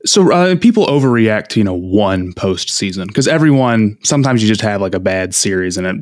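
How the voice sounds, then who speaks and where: A man's voice: lowish voice, animated, brisk, dry recording, studio quality. A man hosting a casual podcast chat, easygoing and thinking aloud. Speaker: podcast host.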